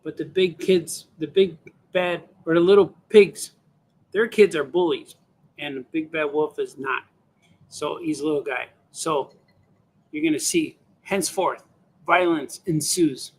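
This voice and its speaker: A man's voice: a little high, a little slow, a little mellow. A middle-aged man, a cartoonist, chatting casually on a live stream while he draws, muttering to himself, trailing off and talking to his viewers. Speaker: cartoonist livestreaming while drawing.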